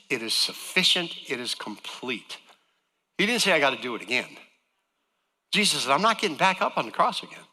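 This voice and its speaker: Man, guest preacher, bright forceful tone, lively pitch, long reverb of a church hall. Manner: earnest preaching, voice swinging from loud emphasis to soft. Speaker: guest speaker. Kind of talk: sermon. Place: church sanctuary.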